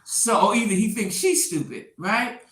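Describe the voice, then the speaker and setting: A woman's voice: medium pitch, moderate pace, reverberant. A woman hosting a casual gossip commentary, chatting straight to her viewers and tagging her points with "right?". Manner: chatty, talks back to viewers by name; peppers talk with 'right?'. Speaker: host.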